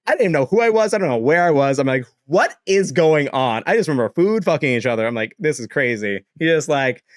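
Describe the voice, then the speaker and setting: A man's voice: fairly high pitch, no room sound, clean studio sound. A young man casually telling dating stories to a live chat, laughing often, swearing and acting out quotes. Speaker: streamer.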